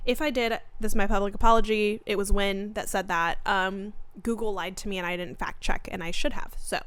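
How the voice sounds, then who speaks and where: A woman's voice: medium pitch, steady tone, a little fast, fairly bright tone, clean tone, no room sound. Young woman, podcast co-host, casual and gushing, drops swears, mid-range voice, dry close mic. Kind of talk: casual chat about books.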